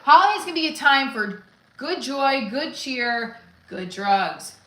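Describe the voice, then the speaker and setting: A woman's voice: high-pitched, sing-song, takes it slowly, fairly bright tone, slight background noise. A woman hosting a casual livestream, cracking profane, rambling stand-up jokes. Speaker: livestream host. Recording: roomy echo.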